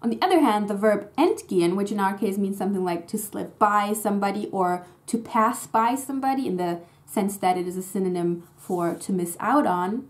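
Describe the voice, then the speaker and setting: A woman's voice: medium pitch, normal speed, hardly any pauses. A young woman, a native German speaker, giving a casual, chatty lesson that explains grammar in English and stresses her example words. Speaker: German language teacher.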